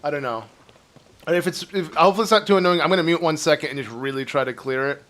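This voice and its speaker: A man streaming a game live, chatting casually and rambling to his viewers while his phlegmy throat keeps needing clearing. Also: a little high, fast, a bit bright. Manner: rambling, chatty, talks to chat. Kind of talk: casual live gameplay commentary.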